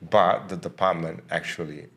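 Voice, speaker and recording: Low-voiced male co-host, teacher, casual chat. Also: fairly even intonation, normal speed, fairly bright tone.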